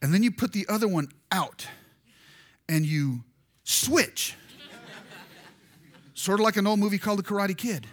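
A man preaching a storytelling sermon, animated and jokey, acting out voices as he goes. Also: sits high, measured pace, long pauses. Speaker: pastor.

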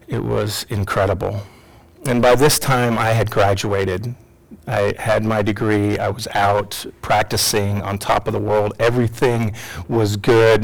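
Gravelly middle-aged man telling a story. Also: on the low side, rough recording. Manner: emotional, swings from loud to hushed. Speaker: teacher and psychologist. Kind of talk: personal story told to an audience.

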